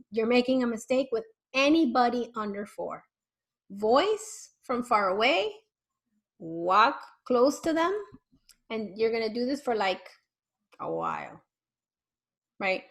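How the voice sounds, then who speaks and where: A woman parenting therapist coaching parents on a video call, deliberately swinging her voice from high to low. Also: big pitch swings, poor audio.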